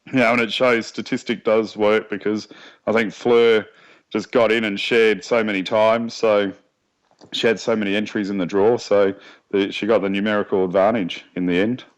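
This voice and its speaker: A man's voice: on the low side, level tone, normal speed. An Australian man co-hosting a sports podcast, with an easygoing, jokey way of talking. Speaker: podcast co-host. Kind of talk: casual sports chat. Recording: dull lo-fi recording.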